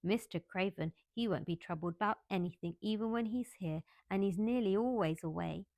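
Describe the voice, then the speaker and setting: A woman's voice: medium pitch, fairly quick, a little mellow, no echo, close to an everyday voice. A woman voicing a sturdy, cheerful, talkative young Yorkshire housemaid with a broad, blunt way of speaking, in a storybook reading. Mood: chatty.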